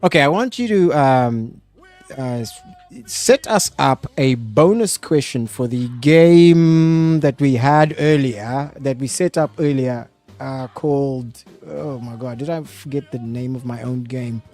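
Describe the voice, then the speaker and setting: A man hosting a casual live stream, animated and hesitant, laughing often as he talks. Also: mid-range voice, a little slow, soft background music. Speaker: host.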